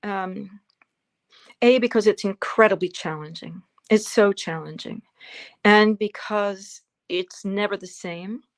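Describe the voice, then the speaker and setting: A woman in her seventies answering interview questions as a guest actress, telling fond stories with pauses and fillers. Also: mid-range voice. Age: 70s. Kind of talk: interview answers over a livestream.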